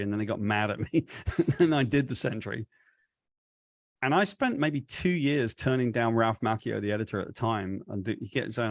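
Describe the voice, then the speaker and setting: Male interview guest, mid-pitched, dry close sound, rambling storyteller who corrects himself as he goes. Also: a little fast, dry recording. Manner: rambling, animated retelling with self-corrections. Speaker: comic book writer, guest.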